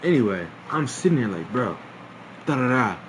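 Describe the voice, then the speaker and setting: Animated young man telling a story. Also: mid-range voice, normal speed, slight background noise. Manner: animated, laughing, slangy with many restarts. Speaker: streamer. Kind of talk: casual storytime.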